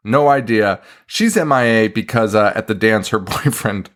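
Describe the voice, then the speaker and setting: A man's voice: fairly low pitch, moderate pace, a bit bright. A man co-hosting a podcast, recapping a film in casual chat, laughing often and swearing freely. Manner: laughing, profane, tangent-prone. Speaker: podcast co-host.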